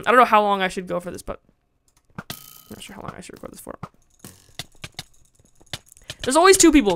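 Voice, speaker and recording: Give me a chatty woman doing casual gameplay commentary, giggling and reacting out loud. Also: mid-range voice, a little hiss or hum. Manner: chatty, giggly, talks to chat, squeals when attacked. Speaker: Minecraft let's-play gamer.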